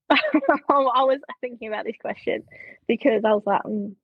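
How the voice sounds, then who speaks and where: A young Australian woman telling stories as a podcast guest, animated, laughing often and saying "like" a lot. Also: on the high side, a little slow, vocal fry, husky, no room sound, dull audio. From Queensland, Australia. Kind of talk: casual storytelling.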